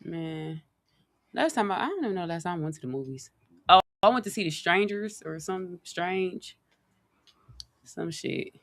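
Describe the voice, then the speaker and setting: Gravelly, bright-voiced teasing woman podcaster. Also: fairly low pitch, animated, moderate pace, pauses often, no room sound, clean studio sound. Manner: teasing, laughs often, talks back loosely. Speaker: co-host. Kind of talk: casual podcast banter.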